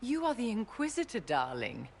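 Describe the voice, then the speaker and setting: A woman's voice: fairly high pitch, huge pitch swings, moderate pace, vocal fry, darkish tone, a little hiss or hum, exaggerated voice. An actress voicing an elegant, condescending noblewoman mage in a video game, speaking in a refined, silky, patronizing way.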